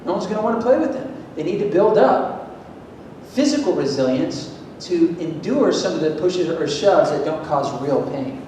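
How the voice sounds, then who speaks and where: A man from Florida giving a lively, emphatic talk to an audience, asking them questions, heard from a distance in a large hall. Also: moderate pace. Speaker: motivational speaker at a school event. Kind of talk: energetic public talk to an audience. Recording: echoey hall, distant mic, faint rumble.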